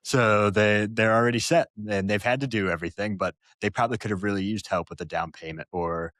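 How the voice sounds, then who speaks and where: A man hosts a podcast interview, asking questions in a thoughtful, loosely phrased way. His voice is very low. The recording is dry and close. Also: a little fast, a bit bright, no room sound. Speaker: podcast host. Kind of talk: interview conversation.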